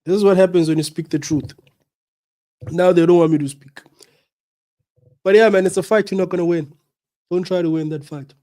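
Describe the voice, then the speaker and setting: A South African man with the flu, his voice sitting a little high for a man. He hosts a reflective talk show on the radio, earnest and preachy, and he circles back to the same points again and again. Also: fairly even intonation, normal speed, pauses often, dark tone. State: has the flu, coughing.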